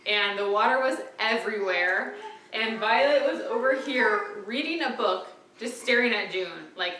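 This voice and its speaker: A woman's voice: mid-range voice, normal speed. A young woman, a mother of twins, chatting casually to camera at home in a fond, rambling way full of "like" fillers. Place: room in a family home with babies nearby. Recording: roomy home sound from a distance, faint noise.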